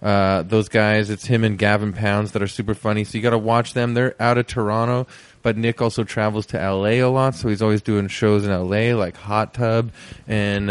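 A man with a low voice opens his podcast episode, rambling and joking, with many fillers. The sound is dry and close, with no room around it. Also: smooth, dry recording. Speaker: podcast host. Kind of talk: casual podcast intro.

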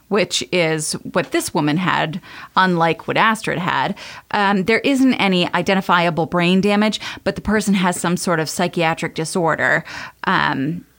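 Lower-pitched woman chatting on a podcast. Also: a bit bright. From United States. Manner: chatty, laughs often, fillers, tries comic accents. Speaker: podcast co-host. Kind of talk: casual podcast chat, telling a story.

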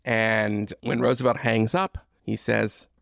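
A man's voice: lowish voice, little pitch movement, slow, creaky, a bit bright, dry recording, studio quality. A man hosting a podcast, telling history in a conversational monologue with frequent asides and fillers. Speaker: podcast host.

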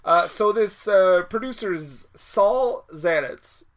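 A man's voice: high-pitched, animated, slow. Joking man co-hosting a film podcast. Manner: loose, joking, swears, laughs often. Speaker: podcast co-host. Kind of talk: casual film podcast chat.

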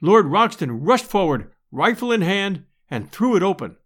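A man reading an adventure audiobook in a measured, expressive storytelling manner. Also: high-pitched. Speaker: audiobook narrator. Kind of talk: audiobook narration.

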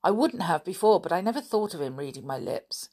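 A woman's voice: on the low side, expressive, fairly quick, darkish tone. A woman reading the part of Anne, the youngest girl, in an earnest, indignant way. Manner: indignant, eager.

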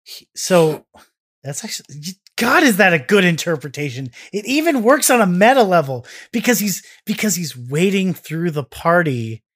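A man co-hosting a casual podcast, excitable and self-mocking, often tripping over his words. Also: high voice, moderate pace. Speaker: podcast co-host.

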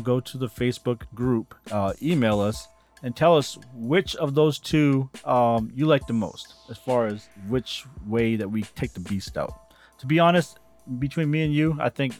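A young man co-hosting a podcast in a casual, joking chat, slangy and quick to laugh. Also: medium pitch, a little mellow. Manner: laid-back, laughs often, slangy. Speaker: podcast co-host.

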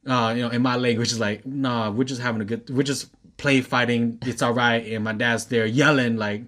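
Twenties dude telling a story, laughs a bunch, swears, gets loud doing the voices. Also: male voice, mid-range voice, moderate pace. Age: 20s. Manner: laughs often, animated when quoting, profane. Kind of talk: casual storytelling chat.

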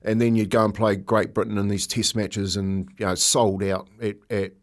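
A middle-aged man with a New Zealand accent, co-hosting a podcast and telling animated anecdotes in casual chat, laughing often. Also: fairly low pitch, normal speed. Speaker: podcast co-host, former rugby league player.

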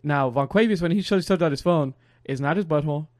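Young man, podcast co-host, rambling storyteller, slightly high voice, laughs a lot, dry close sound. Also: fast, darkish tone, dry recording. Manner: rambling, laughs often, quotes others in a low voice. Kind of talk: casual storytelling chat.

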